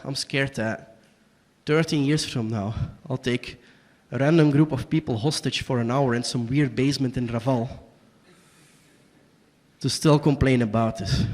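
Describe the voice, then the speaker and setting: A man's voice: medium pitch, big-room sound. Young man in a raw stage monologue. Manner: raw, swings from quiet confession to angry outbursts. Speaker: solo stage performer. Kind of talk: one-man tragicomedy monologue. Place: small basement performance space.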